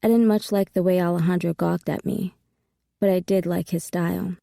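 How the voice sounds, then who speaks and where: A woman narrates a first-person audiobook with steady, intimate storytelling. Her voice is heavily gravelly and mellow. It is recorded dry and close on a studio mic. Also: lowish voice, normal speed, dry recording.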